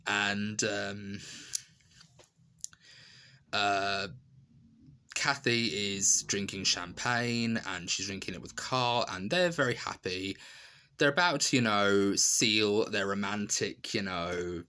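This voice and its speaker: Rambling man with a lowish voice. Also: slow pace, pauses often, bright, forceful tone, smooth. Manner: rambling, full of "you know" and "literally". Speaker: video reviewer. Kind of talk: casual spoken review.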